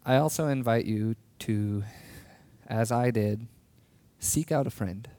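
A man giving a sermon, telling a personal story in an earnest way with soft laughs, and slowing down to stress key words. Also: medium pitch, no echo. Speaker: preacher.

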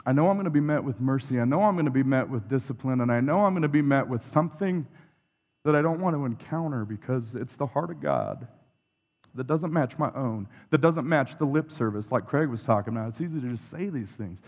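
A man's voice: mid-range voice, expressive, brisk, a little mellow. A man preaching a sermon in a church, reflective and confessional, building his points through repeated phrases. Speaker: pastor. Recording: long reverb of a large hall.

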